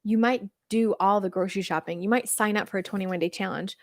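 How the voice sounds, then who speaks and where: A woman coach chatting through a livestream Q&A, reading viewer comments and answering in an animated, laughing way with lots of fillers. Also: medium pitch, fast, no echo, clean studio sound. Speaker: weight-loss coach.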